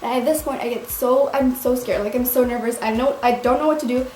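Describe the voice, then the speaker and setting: A woman's voice: on the high side, steady tone, brisk, a little mellow. A young woman vlogger telling a story dramatically, swearing a lot with many fillers. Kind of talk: storytime vlog. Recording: roomy echo.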